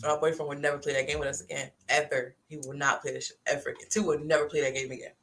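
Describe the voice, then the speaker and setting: Bright-voiced woman in casual gaming chat. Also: low voice, very fast, slight background noise. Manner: relaxed, greets viewers in chat mid-conversation. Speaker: podcast co-host.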